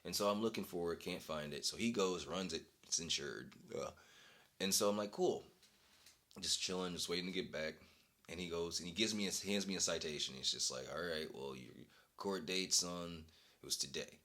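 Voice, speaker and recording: In his vlog, a young man whose voice sits low speaks a little quickly, animatedly relating an exasperated tale and cracking up laughing along the way.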